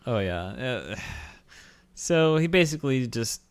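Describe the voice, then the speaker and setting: A man's voice: mid-range voice, sing-song, a little slow, clear, resonant tone, no echo. A man co-hosting a casual film-review podcast, rambling with fillers and laughing often. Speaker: podcast co-host.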